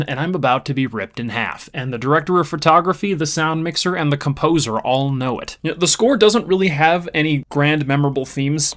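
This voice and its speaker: A man's voice: medium pitch, fairly bright tone. A man giving a blunt, opinionated review monologue, mocking and emphatic in tone. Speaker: film reviewer.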